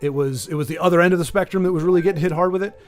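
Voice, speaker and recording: A man's voice: sits high, racing, faint music behind. An American man streaming games and chatting casually with viewers, rambling with lots of restarts and sympathy. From United States.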